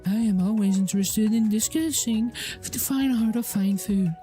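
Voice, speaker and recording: A woman voicing a courteous male colonel teacher who speaks in a polite, measured way. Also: mid-range voice, warm tone, soft background music, close to an everyday voice. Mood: diplomatic.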